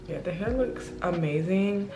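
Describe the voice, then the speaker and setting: A woman's voice: fairly low pitch, unhurried. Chatty young woman vlogging, echoey room. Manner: chatty and excitable, addresses viewers as y'all. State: out of breath. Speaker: beauty vlogger. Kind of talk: casual vlog talk to camera. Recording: echoey room with music behind.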